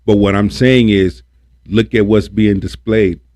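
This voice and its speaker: A man's voice: on the low side, fairly even intonation, unhurried, a little mellow. A man hosting a livestream, ranting about politics in a preachy, repetitive, emphatic way and swearing when he gets worked up. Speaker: livestream host.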